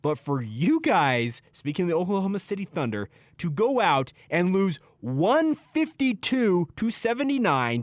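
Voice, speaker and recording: A man hosting a sports radio show, emphatic and animated, who laughs easily. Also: on the high side, dry recording.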